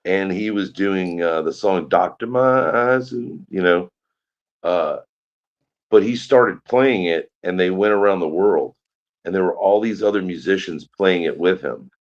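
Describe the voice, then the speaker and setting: A man in casual conversation, telling a relaxed story with easy enthusiasm. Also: low voice, measured pace, lo-fi sound. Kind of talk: casual chat.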